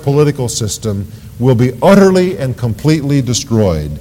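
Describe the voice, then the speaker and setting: Male pastor, mellow-toned preacher, emphatic on scripture, church hall reverb. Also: mid-range voice, big pitch swings, moderate pace. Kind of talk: sermon. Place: church sanctuary.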